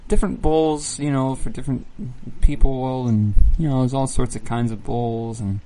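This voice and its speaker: A young man co-hosts a podcast in loose, rambling casual chat. He jokes around, restarts his sentences often and trails off mid-thought, in a mid-pitched voice. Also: steady tone, normal speed, mellow. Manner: rambling, joking, many restarts. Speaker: podcast co-host.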